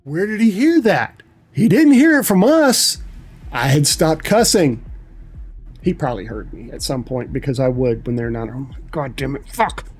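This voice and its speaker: A man's voice: fairly high pitch, big pitch swings, normal speed, darkish tone, slightly rough, faint music behind. A middle-aged man chatting casually on a livestream, telling rambling, profane stories. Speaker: livestream host. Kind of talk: casual chat.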